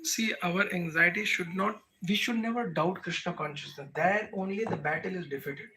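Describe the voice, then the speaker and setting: A devotional class teacher with an Indian accent fires back rhetorical questions as he answers emphatically, his voice high and his pace normal. He's recorded from a distance in an echoey room against a noisy background.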